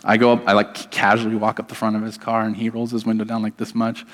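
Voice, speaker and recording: A pastor delivering a sermon to his church, telling a personal story with animated, self-deprecating humor. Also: fairly low pitch, fast talker. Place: church hall. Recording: reverberant church hall.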